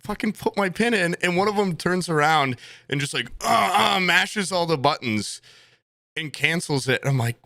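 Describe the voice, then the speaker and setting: A man in his thirties casually telling a bar anecdote on a podcast, animated and swearing, laughing as he goes. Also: sits high, normal speed, creaky, no room sound, clean studio sound. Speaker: podcast host. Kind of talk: casual storytelling.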